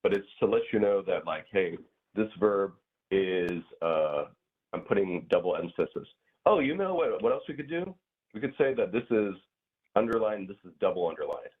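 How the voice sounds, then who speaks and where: A very low, husky-voiced man teaches grammar over a thin, phone-like connection. He rambles through his points with plenty of fillers and acts out little everyday scenes to make them clear. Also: expressive, normal speed. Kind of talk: casual online class explanation. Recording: tinny phone-like audio.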